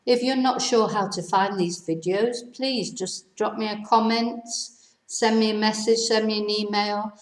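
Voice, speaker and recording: Slow, deliberate woman teaching Spanish. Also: medium pitch, fairly even intonation, echoey room, poor audio. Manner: spells words out letter by letter, self-correcting. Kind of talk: language lesson.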